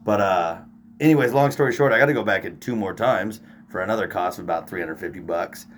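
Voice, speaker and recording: A man's voice: deep voice, fast talker, slight background noise. A young man co-hosting a podcast, telling a long rambling story in loose, profane casual chat. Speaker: podcast co-host.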